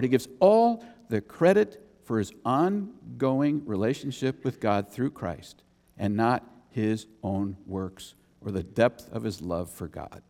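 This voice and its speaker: A man preaching a sermon as pastor, emphatic and animated, with sudden high exclamations. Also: vocal fry, in a large hall.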